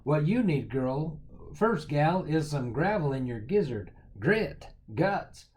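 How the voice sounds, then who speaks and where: A man voicing a spry, bossy old fairy godmother who talks in a brisk, folksy cowpoke way in a storybook reading. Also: on the high side, lively intonation, a little mellow.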